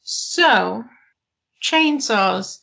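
A woman's voice: a little high, animated, vocal fry, bright, forceful tone. Woman, podcast co-host, casual chat, laughs a lot, lo-fi recording. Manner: laughs often, drawn-out careful reading.

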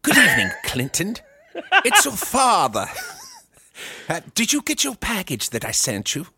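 A man's voice: high voice, huge pitch swings, measured pace, bright, forceful tone, slightly rough, voice pushed up, exaggerated voice. A man putting on a friend's fussy, genteel older father on a podcast, prim and drawn out.

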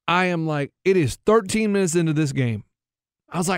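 A man in his thirties co-hosts a radio talk show, recounting a family outing. His voice sits high and swings widely. The studio sound is dry and close. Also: a little fast, smooth, no room sound. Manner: animated storyteller acting out a whining child. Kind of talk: casual storytelling chat.

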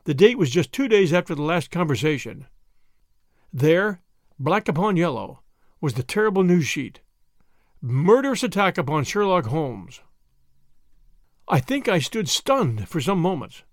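Man narrating a classic story, slightly high voice, dry close recording. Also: very animated, moderate pace, no room sound. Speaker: audiobook narrator. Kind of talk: first-person storybook narration.

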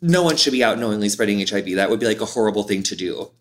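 An interview guest, a man in his thirties, races through his candid, animated answers, filling them with "like." His voice is fairly low.

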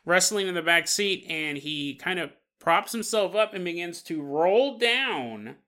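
A man hosting a podcast, retelling a story in a casual, animated way and acting out the people he quotes. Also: sits high, a little slow. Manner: animated, acts out quotes with playful voices. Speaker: podcast host.

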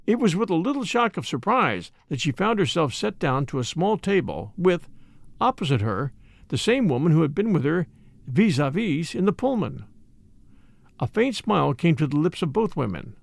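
A man narrates an audiobook in a deliberate, expressive way. His voice sits high and moves widely in pitch, with a gravelly fry. The sound is close and dry. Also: dry recording. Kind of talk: dramatic audiobook reading.

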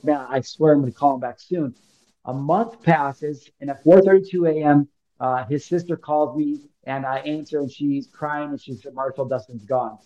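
A man in his thirties tells a heavy personal story in loose, slangy talk, and he acts out the lines he quotes. His voice sits a little high but sounds mellow and dark. The recording is dull and lo-fi. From Illinois, United States. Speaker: podcast guest.

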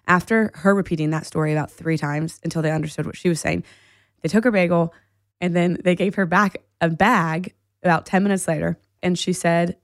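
Woman cohost w a bit of vocal fry, lowish voice, telling a story all animated and laughy. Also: normal speed, no room sound, clean studio sound. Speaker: podcast co-host. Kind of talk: casual chat.

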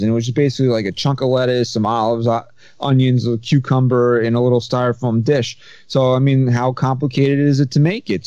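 A man's voice: medium pitch, warm tone, no echo, muffled recording. A man co-hosting a podcast, telling stories in a rambling casual way. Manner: rambling storyteller, many restarts. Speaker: podcast co-host.

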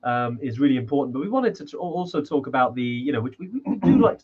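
A man's voice: medium pitch, expressive, fast talker, highs cut off, faint music behind. A man co-hosting a podcast in casual chat, rambling with lots of restarts and fillers. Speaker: podcast co-host.

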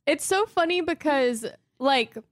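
A woman's voice: high voice, expressive, measured pace, no echo, clean studio sound. A woman in her thirties co-hosting a casual chat, telling long stories and laughing often. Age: 30s. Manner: chatty storyteller, laughs often.

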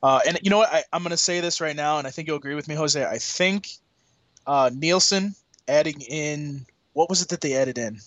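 A man's voice: fairly high pitch, fairly quick, a bit bright, no room sound. A man hosting a podcast in a playful, teasing way, steering the talk between segments. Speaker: podcast host. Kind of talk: casual podcast chat.

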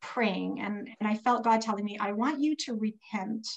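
A woman's voice: mid-range voice, normal speed, creaky, highs cut off. A woman recovering from pneumonia, telling a personal faith story in casual, earnest speech full of fillers. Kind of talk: casual testimony.

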